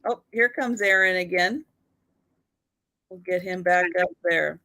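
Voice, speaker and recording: A woman hosts a live online photo sale, chatting and giggling, with laughter between her remarks. Her voice is lowish and sharp in tone, and she speaks a little slowly.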